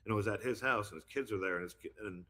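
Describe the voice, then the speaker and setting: A man's voice: fairly low pitch, rapid-fire, bright, forceful tone, breathy edge. A man chatting as a guest, rambling with many fillers as he explains his voice impressions. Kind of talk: casual chat.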